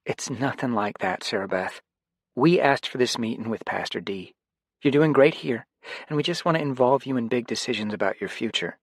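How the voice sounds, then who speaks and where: A loving mother, soft and reassuring, in a voice lifted somewhat higher, as a man reads her lines. She speaks to her daughter tenderly and earnestly. The recording is dry and close. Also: normal speed, no echo, natural voice. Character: gentle, loving mother of a schoolgirl.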